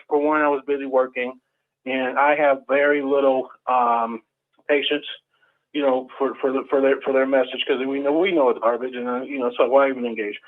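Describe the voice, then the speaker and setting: A man talking in an earnest, casual way in a group discussion, often stammering and restarting. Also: a little high. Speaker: ex-Jehovah's Witness panelist. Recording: tinny phone-like line.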